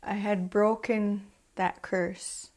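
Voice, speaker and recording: A woman performing a spoken word poem with a measured, deliberate delivery and long pauses. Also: mid-range voice, little pitch movement. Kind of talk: spoken word poetry recitation.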